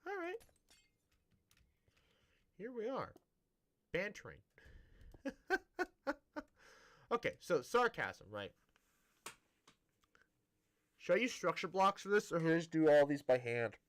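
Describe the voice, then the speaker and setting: Guy chatting on his stream, bright voice that swoops around, kinda rambly and deadpan. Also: fairly high pitch, slow pace, long pauses. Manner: rambling, self-interrupting, dry sarcastic tone.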